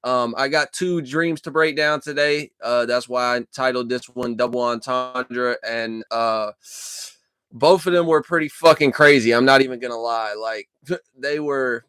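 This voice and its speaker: A man hosting a casual dream-journal vlog from a dark room at his computer, talking into a desk microphone in a rambling, profane way with lots of fillers and restarts. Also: medium pitch, steady tone, measured pace, clean tone, no room sound, clean studio sound. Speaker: channel host.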